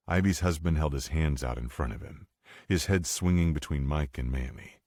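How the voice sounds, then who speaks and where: A man narrating an audiobook in a steady, matter-of-fact way. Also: a bass voice, moderate pace, no room sound, studio quality. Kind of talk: scripted narration.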